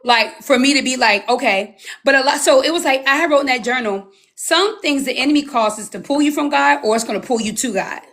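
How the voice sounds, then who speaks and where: High, gravelly-voiced woman telling her story. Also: fairly quick. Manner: animated storytelling, acting out her own past words. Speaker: guest. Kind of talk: personal testimony in an interview.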